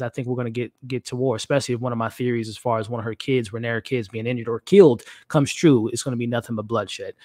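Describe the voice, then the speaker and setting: A man's voice: medium pitch, a little mellow, no echo. Guy hosting a live stream, casual and chatty, talks right to the chat, dry close sound. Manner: chatty, addresses chat directly, frequent fillers. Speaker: YouTube show host.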